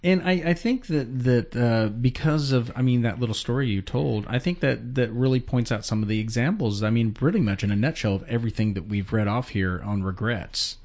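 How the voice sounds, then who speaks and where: A man's voice: mid-range voice, brisk, hardly any pauses, darkish tone. A man in his forties co-hosting a casual podcast chat, easygoing and agreeable, often chiming in with affirmations. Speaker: podcast co-host.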